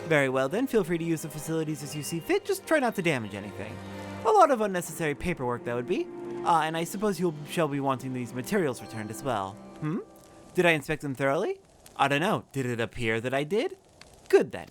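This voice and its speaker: A man's voice: a little high, huge pitch swings, quick pace, music in the background. A man voicing a sly, corrupt male official in a game, speaking in a conspiratorial, knowing way.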